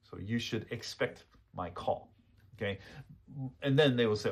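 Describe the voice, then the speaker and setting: A man with a husky, somewhat breathy voice leads a relaxed English lesson. He speaks in a patient, easygoing way. He repeats each model sentence, then checks understanding with a quick "okay?". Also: mid-range voice. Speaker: English teacher. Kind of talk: casual spoken lesson.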